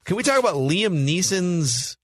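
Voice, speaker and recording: A man's voice: high-pitched, very animated, normal speed, no echo, studio quality. A man co-hosting a casual film podcast, leading the talk and quizzing the others. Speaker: podcast co-host.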